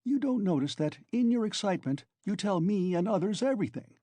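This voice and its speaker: A man's voice: high voice, animated, brisk, mellow, no echo, voice pushed up. A man voicing a sly, genial male investigator who talks in a fussy, insinuating way. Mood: chiding. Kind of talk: audiobook character reading.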